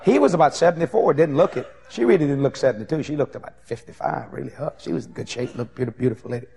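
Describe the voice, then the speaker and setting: A man preaching a sermon as an evangelist, telling folksy anecdotes in an animated way. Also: medium pitch, racing, vocal fry, slight background noise. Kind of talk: sermon storytelling.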